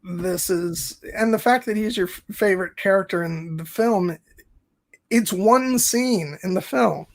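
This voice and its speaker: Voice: medium pitch, unhurried. A podcast co-host in casual film review chat, hesitant and thinking aloud with many restarts.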